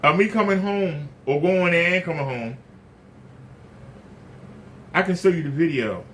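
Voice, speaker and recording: Indignant high-voiced man ranting to camera. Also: a little slow, a bit bright, slight background noise. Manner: indignant, repeats points, rhetorical questions. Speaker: YouTube channel host. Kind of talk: casual rant to camera.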